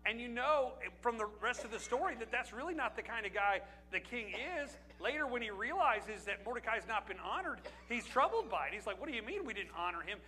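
High, bright-voiced preaching man. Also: lively intonation, brisk, few pauses, slight background noise, low-quality recording. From Pennsylvania. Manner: conversational preaching with rhetorical questions and asides. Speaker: pastor. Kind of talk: sermon.

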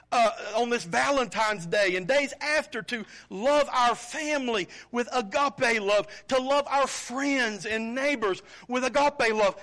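Pastor, man, high ringing voice, emphatic sermon delivery. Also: pushed and bright. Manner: preaching with dramatic pauses and rising emphasis.

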